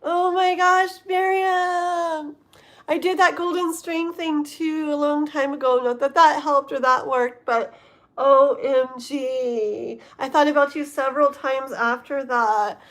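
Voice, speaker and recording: A woman's voice: high-pitched, fairly even intonation, a little slow, fairly bright tone. A woman giving a livestream tarot reading, rambling and often checking in with her listeners. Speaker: tarot reader.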